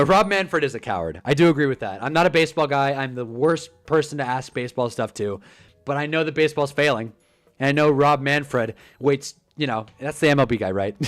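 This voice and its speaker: A young man hosting a casual football livestream, animated and rambling, joking as he reacts to chat. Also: mid-range voice. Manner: animated, rambling, quick to joke.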